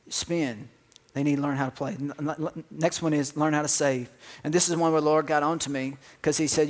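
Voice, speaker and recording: A man preaching a sermon as pastor, telling joking stories with bursts of laughter. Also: fairly high pitch.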